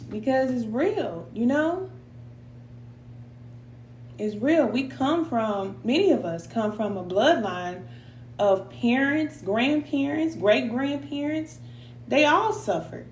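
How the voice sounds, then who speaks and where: A woman's voice: fairly high pitch, animated, slow pace, echoey room, slight background noise. A middle-aged woman giving a heartfelt, preacher-like spiritual talk, at times emotional and sighing, with casual slang. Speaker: spiritual reader and coach. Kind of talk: live tarot reading and motivational talk.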